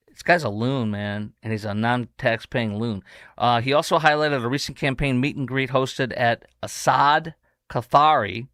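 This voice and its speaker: A man's voice: mid-range voice, a bit bright, no room sound, studio quality. A man hosting a podcast, giving combative, sarcastic political commentary in a rambling way. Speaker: podcast host.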